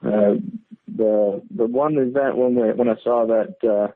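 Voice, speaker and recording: A man with a fairly low voice tells his story over a tinny phone line. He rambles, restarting sentences and leaning on fillers as he goes. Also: fairly even intonation, unhurried. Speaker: caller. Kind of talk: casual storytelling on a call-in show.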